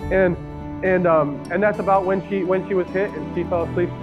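A man's voice: sits high, fairly even intonation, a little fast. A young man in his twenties preaching a sermon, telling a story earnestly, often restarting his sentences. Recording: tinny phone-like audio, faint guitar music.

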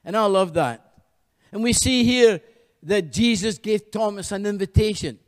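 High voiced pastor guy preaching, fervent, lots of hallelujahs, echoey hall. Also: unhurried. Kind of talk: sermon.

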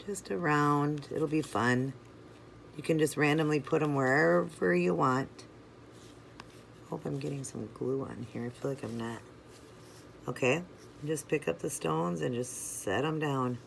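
This nail art host chats easily through a step-by-step toe design tutorial as she works, occasionally drifting off-mic. Her mid-range voice runs a bit slow with some vocal fry, over light background noise.

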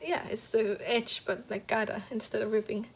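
A woman with a somewhat high voice shows off her knitting projects in a casual home chat. She talks haltingly, full of fillers and restarts. She sounds slightly out of breath as she goes. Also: fairly even intonation, husky. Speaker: knitting podcast host. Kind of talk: casual show-and-tell chat. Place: at home next to a heater.

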